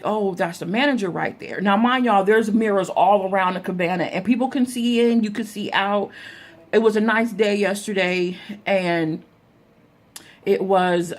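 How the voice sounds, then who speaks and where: A young woman telling a story to her viewers, chatty, calling them y'all, full of fillers and restarts. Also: medium pitch. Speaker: vlogger. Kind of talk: casual storytime vlog.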